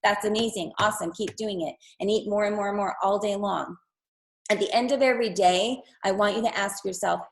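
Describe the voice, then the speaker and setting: A woman pitches eagerly to her viewers over a video call, her voice strongly gravelly with heavy fry. She is losing her voice, but she keeps pressing her points with persuasive energy and speaks at a middle pitch. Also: fairly quick, poor audio. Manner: enthusiastic, persuasive, addresses viewers as "you guys". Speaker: wellness presenter. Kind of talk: product presentation on a video call.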